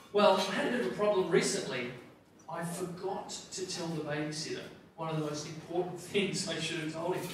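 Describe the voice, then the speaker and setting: A man performing a stand-up comedy routine as MC at a corporate gala dinner, telling a story with animated, self-deprecating asides. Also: high voice, slight background noise. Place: large function room at a gala dinner. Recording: echoey hall, distant mic, audience laughter.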